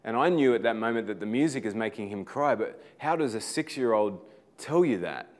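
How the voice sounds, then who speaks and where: A middle-aged man with an Australian accent speaks in a fairly low voice. He gives an inspirational talk in a storytelling way. He often restarts phrases as he builds toward each emphatic point. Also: lively intonation, fairly quick. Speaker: motivational speaker.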